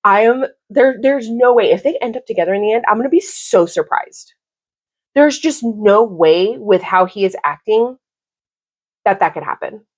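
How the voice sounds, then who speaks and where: A woman in her thirties vents about a book in a casual vlog. Her delivery is animated and exasperated, and she leans on "like" as she talks. Her voice sits at an ordinary middle pitch for a woman. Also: normal speed. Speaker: book vlogger. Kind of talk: casual book review rant.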